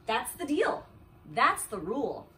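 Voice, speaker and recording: Bright, animated woman reading aloud. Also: high-pitched, measured pace, far from the mic, slight background noise. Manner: animated, silly voices, laughing while reading. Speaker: parent reading a picture book aloud. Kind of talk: playful read-aloud storytelling.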